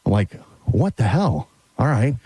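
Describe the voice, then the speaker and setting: Animated, breathless man telling a story. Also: mid-range voice, a little slow, husky. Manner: excited, retells a confrontation with lively quoted voices. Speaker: show regular. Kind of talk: animated storytelling on a radio show.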